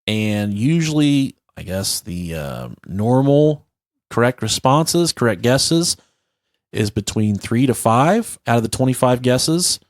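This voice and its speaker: A man's voice: medium pitch, no echo, studio quality. A man in his thirties co-hosting a podcast, telling stories in a casual, rambling, profane way. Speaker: podcast co-host.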